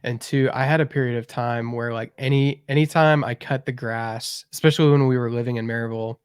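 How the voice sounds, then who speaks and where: A man hosting a casual podcast interview, relaxed, with frequent restarts. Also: medium pitch, a little fast, clean tone, no echo. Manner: relaxed, stammers and restarts often. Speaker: podcast host.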